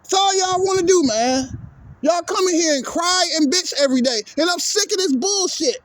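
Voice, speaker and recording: High-voiced man ranting angrily. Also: normal speed, a bit bright. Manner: profane, heated, repetitive ranting. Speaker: sports vlogger. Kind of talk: angry ranting monologue.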